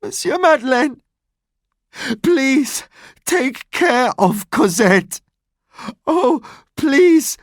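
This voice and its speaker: A man's voice: very high voice, expressive, drawn-out words, pauses often, dry recording, clean studio sound, pitched above the performer's own voice, heavily acted. A man voicing a dying young mother who pleads weakly between coughs. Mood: desperate. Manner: breathless pleading, broken by coughs. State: weak and dying.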